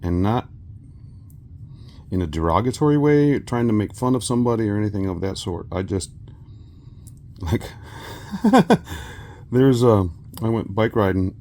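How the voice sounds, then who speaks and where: Man from south texas, very deep, mellow, unhurried, rambling chat while crafting. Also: animated. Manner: meandering storyteller, frequent throat clearing. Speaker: resin crafting vlogger.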